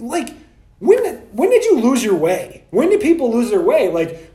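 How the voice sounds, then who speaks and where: A man ranting on a solo podcast, heated and profane, mocking other practitioners in quick asides. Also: high-pitched, mellow, echoey room.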